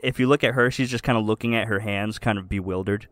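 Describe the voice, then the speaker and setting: A man's voice: on the low side, fairly even intonation, fast talker, dry recording. A man narrating a tabletop game as game master, describing scenes steadily.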